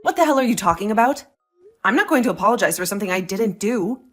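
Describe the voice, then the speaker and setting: A woman's voice: medium pitch, sing-song, quick pace. A woman voicing a young wife who defends herself, defiant and sarcastic toward her husband, in a voiced drama story. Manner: indignant, sarcastic.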